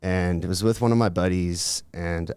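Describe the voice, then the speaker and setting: A man's voice: low-pitched, moderate pace, a little mellow, smooth, no room sound. A young man telling a story in a laid-back, rambling way, with lots of filler words and swearing. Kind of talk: casual storytelling.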